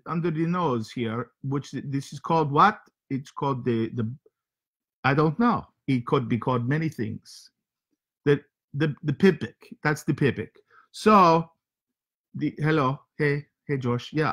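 A made-up foreign twin brother, as a male host puts him on, chatting in halting, broken English with a thick fake accent. The voice sits a little high for a man and stays playful and rambling throughout, like a comic monologue on a talk show. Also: a bit bright.

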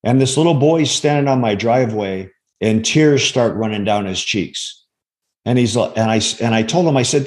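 A man in his sixties speaks as an interview guest, slow to find his words and often restarting. His voice sits at an ordinary middle pitch, and his manner is earnest and reflective. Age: 60s. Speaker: interview guest, former undercover agent. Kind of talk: reflective personal storytelling.

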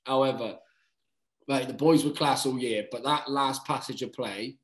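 A man in his thirties tells stories in casual podcast chat. He is animated, swears freely and calls everyone "mate." His voice sits at an ordinary pitch, and the room around him is noticeably roomy. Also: moderate pace. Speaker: guest, rugby player. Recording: roomy echo.

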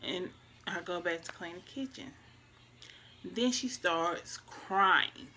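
Soft-spoken woman with a bright voice. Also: medium pitch, unhurried, a little hiss or hum. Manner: soft-spoken, reflective, talks straight to viewers. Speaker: vlogger. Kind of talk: casual story time.

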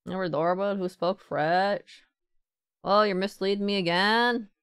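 A woman streaming a game, talking casually, swearing and joking as she rambles, now and then popping into a squeaky put-on voice. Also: steady tone, unhurried, a bit bright, clean tone, no echo, clean studio sound. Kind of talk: casual live-stream commentary.

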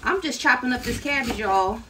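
Cooking on a casual live stream in her home kitchen, this woman chats and laughs with her viewers. Her voice sits on the high side and is expressive, moving a little fast. The audio is from a live stream, recorded from a distance and noisy.

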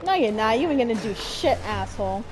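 A young woman streaming a horror game, trash-talking enemies with constant swearing and excitable reactions. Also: a little high, brisk, a little hiss or hum. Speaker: gameplay streamer. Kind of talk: live game commentary. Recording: game music playing behind.

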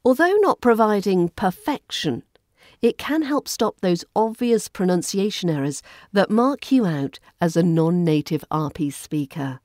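A woman's voice: lowish voice, animated, a little mellow, no echo, clean studio sound. RP English woman teaching accent. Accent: Southern English RP. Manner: clear, measured teaching delivery. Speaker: accent coach and podcast host. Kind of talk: scripted podcast lesson.

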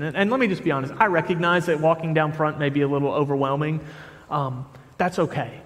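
A man delivering a sermon from the pulpit, his voice sitting a little high for a man. He reads scripture with swelling force and then drops to plain, direct talk with the congregation. The sound rings with the long reverb of a large sanctuary. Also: quick pace. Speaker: pastor. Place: church sanctuary.

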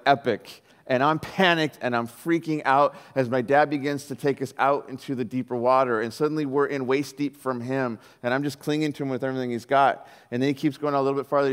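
Animated pastor, reverberant church hall. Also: male voice, medium pitch, fairly quick, hardly any pauses, clear, resonant tone. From Southern California. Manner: animated storyteller, acts out quoted voices, many "like"s. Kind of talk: sermon.

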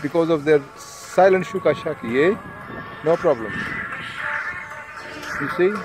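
A man's voice: on the high side, animated, measured pace, low-quality recording. A man, chatting casually to group members while walking a windy street, often saying "no problem" and "eh?". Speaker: vlogger addressing group members. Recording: street vlog with loud music behind. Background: music playing.

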